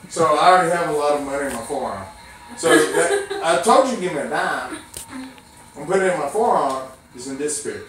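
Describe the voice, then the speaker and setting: A man's voice: a little high, expressive, brisk, fairly bright tone, slight background noise. A man performing as a children's clown and magician, teasing and coaxing a child in folksy playful banter. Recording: echoey room, mic far off.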